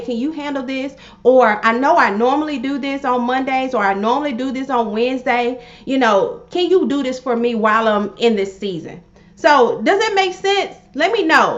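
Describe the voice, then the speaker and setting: A woman talking casually on a livestream, an animated life coach who repeats phrases and calls on her viewers directly. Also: a little high. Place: home room she calls her pink cave. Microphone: livestream setup. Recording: slightly dull livestream audio.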